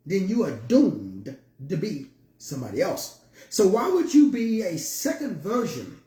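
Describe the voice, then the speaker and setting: A man's voice: high voice, dark tone, roomy sound. A man giving a motivational monologue in a preachy, playful way with slangy asides. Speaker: motivational speaker.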